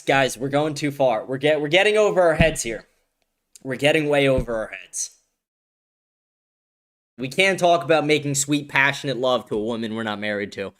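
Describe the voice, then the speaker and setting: A man's voice: a little high, a bit bright. A man hosting a livestream, reading chat messages and joking crudely in a brash, casual way. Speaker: livestream host.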